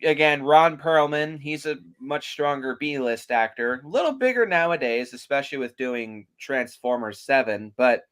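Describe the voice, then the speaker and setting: A man co-hosting a casual movie review podcast, walking through his points in a measured way. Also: medium pitch, fairly bright tone, clear, resonant tone. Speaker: podcast co-host.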